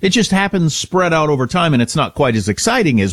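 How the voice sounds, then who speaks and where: A man's voice: on the high side, animated, brisk, hardly any pauses, dry recording, studio quality. A man co-hosting a talk radio show, giving sardonic, opinionated takes on politics. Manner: opinionated, sardonic, laughs at his own jokes. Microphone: studio microphone.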